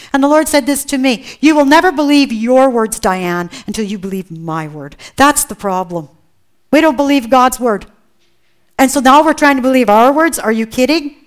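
A woman preaching a sermon, earnest and emphatic, often asking rhetorical questions. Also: mid-range voice.

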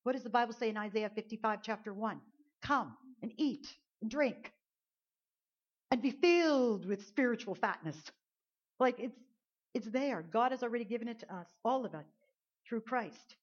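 A woman with a fairly high voice preaches in an earnest, chatty way, restarting phrases as she drives her point home. The recording is dull and lo-fi, as if taped at a church service. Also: expressive, moderate pace. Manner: earnest, conversational, repeats words while building a point. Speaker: pastor. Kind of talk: sermon. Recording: dull lo-fi sound.

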